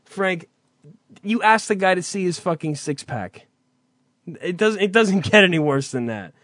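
High bright-voiced teasing podcast host. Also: male voice, lively intonation, unhurried, no room sound, clean studio sound. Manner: teasing storyteller, loud impressions of his cohost. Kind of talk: casual profane banter.

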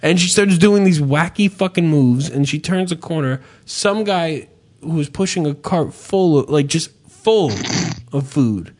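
A man's voice: fairly high pitch, lively intonation, unhurried, darkish tone. A man hosting a casual chat, swearing freely and rambling through a story, with many hesitations and restarts. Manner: hesitant, repeats himself. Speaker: podcast host.

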